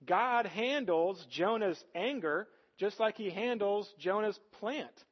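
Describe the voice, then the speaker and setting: A man's voice: high-pitched, expressive, slow pace, breathy edge, muffled recording. A man preaching a sermon as pastor, earnest and conversational, often putting rhetorical questions to the congregation.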